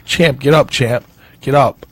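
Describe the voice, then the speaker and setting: A man's voice: mid-range voice, unhurried. A man co-hosting a casual live talk show, joking, laughing often and making earnest pleas. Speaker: co-host.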